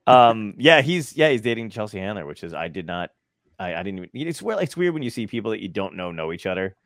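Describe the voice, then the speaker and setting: Laid-back swearing man, low voice. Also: sing-song, brisk, creaky, no echo, studio quality. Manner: loose, swearing, laughs a lot, rambling. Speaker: podcast host. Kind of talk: casual chat.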